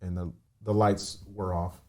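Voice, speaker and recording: A man on a remote call telling a painful personal story, halting, with many fillers and restarts. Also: low-pitched, level tone. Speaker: podcast guest.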